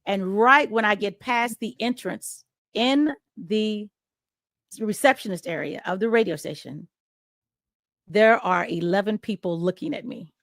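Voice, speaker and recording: A middle-aged woman, a radio host, telling a story in an interview and acting out the dialogue with big jumps in pitch. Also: unhurried, a bit bright, no echo, studio quality. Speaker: radio host and podcast guest.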